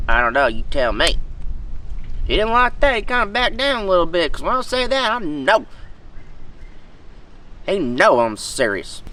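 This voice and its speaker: A man's voice: mid-range voice, sharp tone, recorded from a distance, rough recording. A man playing an aggrieved, rambling redneck in a comedic monologue, with a tobacco dip in his mouth. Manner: rambling, folksy, loses his thread.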